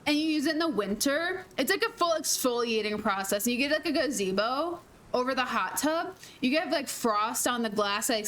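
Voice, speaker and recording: A woman's voice: on the high side, fairly bright tone. A woman streaming a video game, chatting casually with viewers, laughing often and swearing playfully. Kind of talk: casual gameplay chat.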